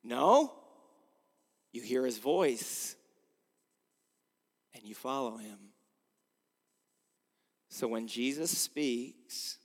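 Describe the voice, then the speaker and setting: A man preaching a sermon as a pastor, earnestly posing rhetorical questions and swinging between emphatic and hushed delivery. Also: medium pitch, lively intonation, drawn-out words, long pauses. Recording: long hall reverb.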